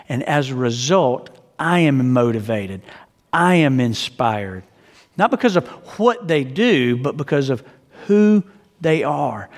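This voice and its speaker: A man's voice: mid-range voice, in a large hall. A man pastor delivering a sermon in an earnest, conversational way, often asking the congregation questions.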